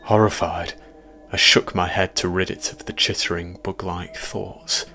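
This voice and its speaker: A man narrating a first-person horror story in a measured, quietly ominous way. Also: deep voice, flat delivery, creaky.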